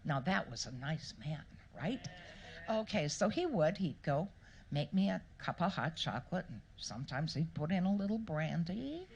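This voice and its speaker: A woman author answering questions at a live event, telling stories in a playful, animated way and acting out the people she quotes. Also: sits low, moderate pace. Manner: animated, playful storyteller who acts out quotes. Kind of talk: storytelling interview answers. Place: live Q&A event before an audience.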